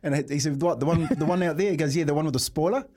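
A man's voice: a little high, rapid-fire. A man telling a funny story on breakfast radio, laughing as he goes and acting out the voices. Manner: animated storyteller, laughs often, acts out quotes. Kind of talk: casual radio yarn. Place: radio studio.

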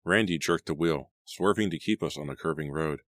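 A man narrating a teen horror novel in a steady, measured storytelling voice. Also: very deep voice, no echo. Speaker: audiobook narrator.

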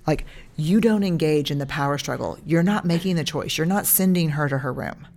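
Woman, 40s, low pitch, animated, chatty, acts out lines to a child. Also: fairly quick, hardly any pauses. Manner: animated, acts out what she would say to a child. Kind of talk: casual parenting chat.

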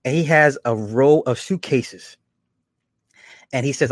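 A man casually retelling horror episodes, slipping into quick acted quotes and chuckles. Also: mid-range voice, no room sound, studio quality. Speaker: show reviewer.

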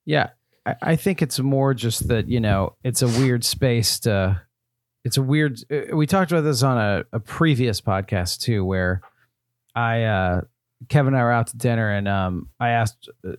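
A man's voice: medium pitch, no room sound. Teasing young man podcast co-host. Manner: playful, teasing, halting. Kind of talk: casual comedic chat.

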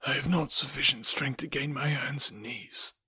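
A man voicing a dying English gentleman. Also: a little high, normal speed, no room sound, studio quality, voice pushed up, heavily acted. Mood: faint. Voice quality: weak, breathy.

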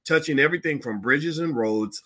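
A man hosts a finance livestream, chatting casually with many fillers and restarts and flaring up in mock outrage. His voice is fairly high-pitched, brisk and sharp, with a breathy edge.

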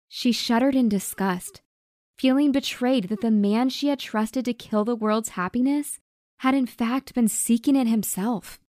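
A woman's voice: medium pitch, darkish tone, dry recording. Female storybook narrator, wry and dramatic, dry close sound.

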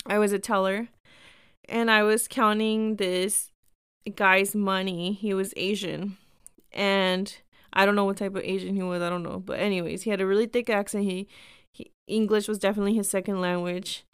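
A woman's voice: medium pitch, level tone, moderate pace, a bit bright, clear, resonant tone, no room sound, studio quality. A woman in her thirties casually telling personal stories, chatty and full of fillers, acting out the people she quotes. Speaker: storyteller.

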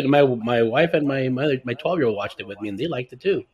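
A man who is a podcast guest, chatting in a relaxed, rambling and self-deprecating way. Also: mid-range voice, rapid-fire. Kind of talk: casual chat.

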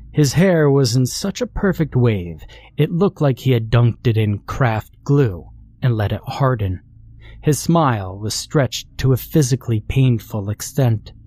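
Dark-voiced man narrating horror. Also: medium pitch, dry recording. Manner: measured, deliberate storytelling.

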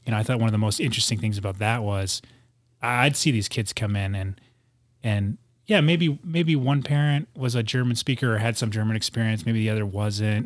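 A man from the United States, a guest on a studio podcast, tells stories in casual chat, rambling and restarting often. His voice is lowish, with no echo.

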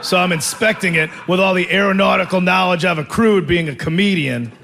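A man's voice: high-pitched, brisk, gravelly, bright, forceful tone. A man performing stand-up comedy, telling a rambling, self-mocking story.

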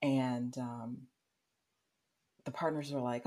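Low-voiced woman telling a story. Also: unhurried. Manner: animated storyteller who acts out quotes and laughs often. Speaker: podcast guest. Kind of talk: casual storytelling chat.

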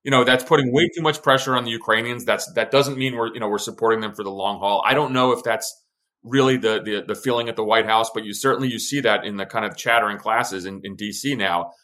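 A man's voice: on the low side, fast talker, pushed and bright. Emphatic man, former intelligence officer. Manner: emphatic, many restarts and fillers. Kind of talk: podcast conversation.

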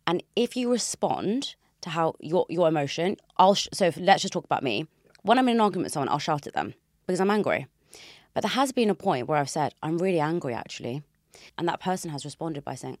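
A young British woman hosting a podcast, making her points in an emphatic, animated way. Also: deep voice, fast talker, no echo, clean studio sound. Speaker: podcast host. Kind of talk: casual conversation.

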